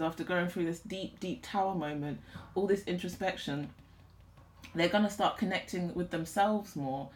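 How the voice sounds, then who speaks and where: Speaking earnestly and close to tears, a woman tarot reader gives a channelled reading. Her lowish voice has a roomy sound, with slight background noise behind it.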